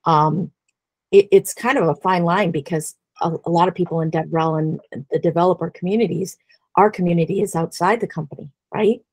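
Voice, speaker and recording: A woman's voice: lowish voice, steady tone, brisk, no room sound. A woman panelist working in developer marketing, speaking earnestly with some hesitation. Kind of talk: online panel discussion.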